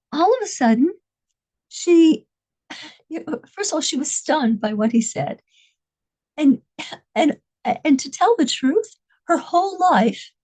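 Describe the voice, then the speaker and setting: A woman telling a story in a halting way, often repeating and restarting her words. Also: high-pitched, a little mellow, rough recording. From United States, New York and Massachusetts. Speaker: religious speaker. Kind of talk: storytelling talk.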